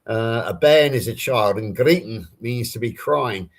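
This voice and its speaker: A man's voice: medium pitch, measured pace, a crowd in the background. An Englishman with a Southern English accent, chatting casually on a live stream video call and explaining things through personal anecdotes. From England. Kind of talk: casual chat.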